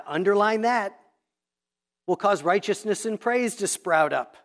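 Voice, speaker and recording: A man's voice: high-pitched, lively intonation, unhurried, fairly bright tone. A man preaching in a church, walking the congregation step by step through marking up a Bible passage. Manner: instructive, walking listeners step by step through a text. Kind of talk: sermon teaching Bible study method. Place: church sanctuary.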